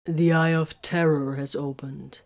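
A woman reader voicing a grave, measured male warrior leader who speaks slowly. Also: sits low, steady tone.

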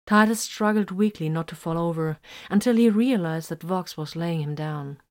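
Low-voiced woman narrating a story. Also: normal speed, a little mellow. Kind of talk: scripted narration of fan fiction.

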